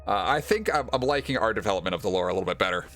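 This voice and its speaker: A man's voice: lowish voice, lively intonation, very fast, fairly bright tone. A man streaming a video game, chatting casually with rambling, self-deprecating asides and frequent laughs.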